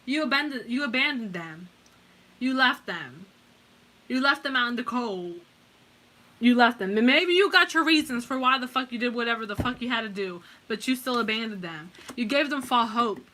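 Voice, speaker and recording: A woman's voice: fairly high pitch, lively intonation, normal speed, bright, forceful tone. A woman giving a casual pick-a-card tarot reading, blunt and heavily profane, rambling with restarts and fillers as she talks straight to the viewer. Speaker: tarot reader.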